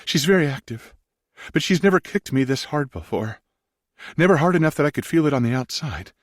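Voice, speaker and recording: A man voicing a pregnant young woman, speaking softly and earnestly in an audiobook. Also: on the high side, expressive, fairly quick, no echo, studio quality, voice pushed up, lightly acted. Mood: amazed. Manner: soft, earnest, teary.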